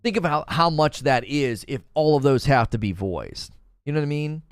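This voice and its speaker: A man hosting a live gaming stream, chatting back to viewers in an animated way with quick restarts. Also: a little high, smooth, no room sound, clean studio sound. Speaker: gaming channel host. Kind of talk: live-stream chat reading viewer comments.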